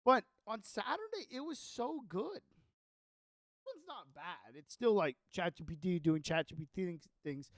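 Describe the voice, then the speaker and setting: During a casual live stream, a young male Minecraft player yawns and sounds drowsy as he loosely talks with viewers and rambles over his notes. The voice is high with lively intonation and a slightly slow pace, recorded cleanly in a studio with no echo.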